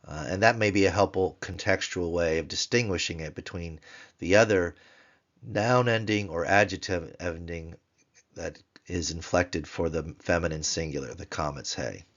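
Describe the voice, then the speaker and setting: A man teaching a grammar lesson, patiently repeating each word slowly so learners can follow. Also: deep voice, a bit bright, muffled recording. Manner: patient, repeats words slowly for pronunciation drill. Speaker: Biblical Hebrew tutor.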